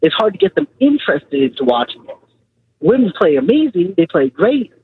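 A man's voice: high-pitched, sing-song, fairly quick, husky. A man calling in to a radio show, making his points earnestly and repeating himself. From California. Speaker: caller. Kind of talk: call-in radio talk. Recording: tinny phone line.

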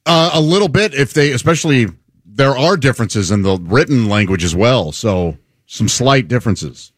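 A man on a morning radio show explains things patiently and laughs easily. His pitch moves a lot, and the sound is dry. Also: lively intonation, normal speed, no echo.

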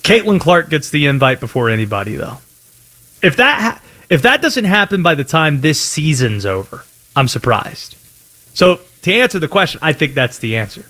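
A man hosting a sports talk radio show, taking calls and tossing out quick opinions with lively asides. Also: on the high side.

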